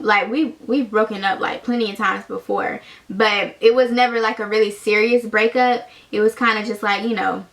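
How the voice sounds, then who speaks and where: A young woman telling a story in a chatty, animated vlog style, full of fillers. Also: a little high. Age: young adult. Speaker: vlogger.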